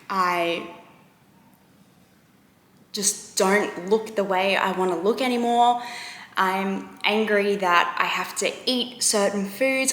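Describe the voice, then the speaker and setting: A young woman vlogging about her recovery, talking candidly and earnestly, often trailing off into quiet. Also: mid-range voice. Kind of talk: candid personal talk to camera. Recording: roomy echo.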